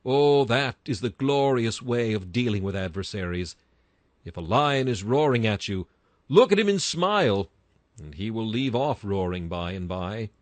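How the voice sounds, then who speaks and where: A man's voice: fairly low pitch, animated, normal speed, dry recording. A man reading a Victorian sermon aloud in an emphatic style that rises to bursts of fervor. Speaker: sermon reader.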